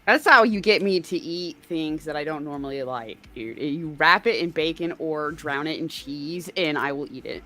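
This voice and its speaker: A woman co-hosting a casual chat, telling stories playfully with big expressive swings. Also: moderate pace, few pauses. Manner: expressive, playful storytelling with big pitch jumps.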